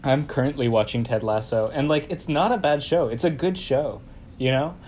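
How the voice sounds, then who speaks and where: A man's voice: medium pitch, moderate pace, darkish tone, slight background noise. A man co-hosting a podcast, talking in a casual, rambling way with lots of fillers and restarts. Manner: rambling, hesitant, many fillers. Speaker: podcast co-host. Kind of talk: casual chat.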